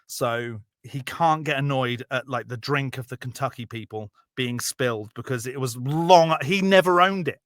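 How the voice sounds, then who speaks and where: A man telling a Bible story as a rambling, profane, jokey comedy podcast bit, slipping into quick character voices. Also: medium pitch, a bit bright, no echo, studio quality.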